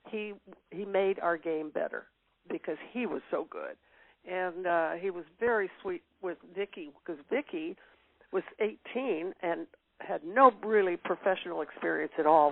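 A woman's voice: lowish voice, moderate pace. An older woman as an interview guest, reminiscing in casual chat with frequent fillers and laughs. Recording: tinny phone-line sound.

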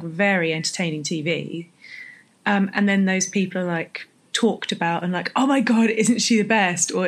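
A woman talks in casual chat. She is opinionated and sweary, and uses many fillers. Her voice sits at a middle pitch.

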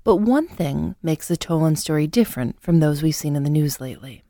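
Low, mellow-voiced woman narrating. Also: no room sound, studio quality. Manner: calm, measured storytelling. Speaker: podcast host and narrator. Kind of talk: scripted documentary narration.

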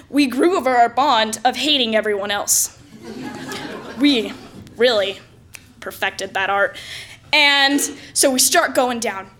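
A woman with a high voice tells a personal story aloud. She is animated and self-mocking and plays up the drama for comic effect. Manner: lively, self-mocking, exaggerated.

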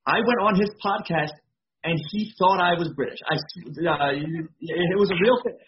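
A man's voice: sits high, normal speed, lo-fi sound, slight background noise. A man, a wrestler being interviewed, talking casually with lots of "you know" fillers. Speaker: wrestler guest.

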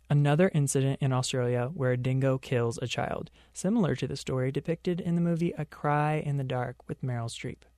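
A man's voice: medium pitch, dark tone, dry recording. A young man hosts a pop culture podcast solo, tossing off sarcastic jokes and asides. His voice sits in a middle register and is recorded dry and close, with faint music underneath. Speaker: podcast host.

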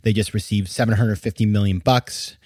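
A man's voice: on the low side, steady tone, brisk, darkish tone, breathy edge, no room sound, clean studio sound. A man hosting a podcast, giving emphatic, exasperated casual commentary and laughing now and then as he talks. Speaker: podcast host.

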